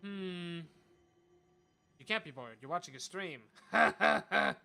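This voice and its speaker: A man's voice: a little high, animated, a little slow, sharp tone, a little hiss or hum. A man casually chatting and joking to himself while streaming a game. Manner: chatty, jokey, mutters to himself. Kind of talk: casual gameplay commentary.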